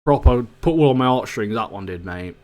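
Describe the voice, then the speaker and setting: A man's voice: mid-range voice, animated, brisk. A man co-hosting a podcast, chatting casually in a jokey, slangy way. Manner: chatty, jokey, slangy, says mate a lot. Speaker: podcast co-host. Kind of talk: casual chat.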